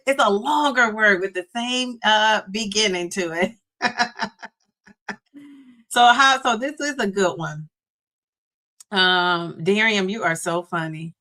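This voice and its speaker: Taking her time, a middle-aged woman with a medium-pitched, pushed and bright voice hosts a casual live chat. She laughs often and reads her viewers' comments out loud.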